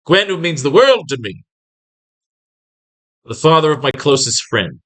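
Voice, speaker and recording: A man's voice: on the high side, very animated, unhurried, fairly bright tone. A man teaching comic writing in a casual, rambling and profane way, acting out scenes as he plans pages.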